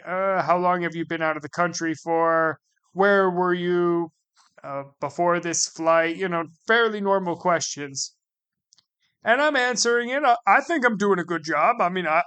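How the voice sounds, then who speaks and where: A man's voice: sits high, sharp tone, clean tone. A man from the United States telling a casual comedic travel story, rambling and sarcastic, repeating himself with many asides.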